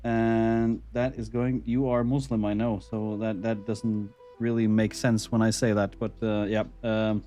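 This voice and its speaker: Over soft background music, this livestreamer from Norway speaks in a fairly low, warm voice with flat delivery, a measured pace and hardly any pauses. Through his Norwegian accent he rambles and chuckles with his stream viewers, slipping now and then into mild rants.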